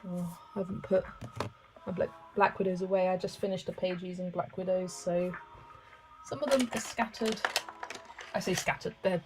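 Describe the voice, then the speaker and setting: A woman's voice: lowish voice, fairly even intonation, normal speed, pauses often, noisy background. A woman hosting a colouring livestream, chatting casually and thinking aloud as she picks colours. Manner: chatty, thinking aloud, reads chat messages. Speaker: livestream host. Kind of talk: casual chat while colouring.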